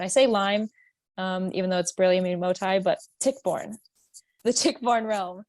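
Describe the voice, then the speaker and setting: A woman's voice: mid-range voice, fairly even intonation, normal speed, a little mellow, no echo, clean studio sound. A woman in her twenties from California, a podcast guest speaking candidly with many fillers and restarts. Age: 20s. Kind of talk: podcast interview.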